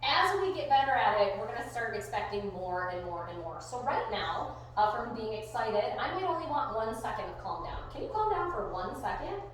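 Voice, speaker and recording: Woman, dog trainer, hands-on lesson, upbeat, very lively pitch, echoey room, distant mic, faint background noise. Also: normal speed, hardly any pauses. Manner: upbeat, animated, bursts of excited praise.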